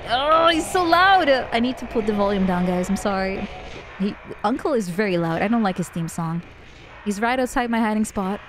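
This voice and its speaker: A woman's voice: medium pitch, a little fast, slight background noise. A woman streamer, native Dutch speaker, reading horror game text and chatting casually with viewers, often giggling. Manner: chatty, giggly, self-mocking.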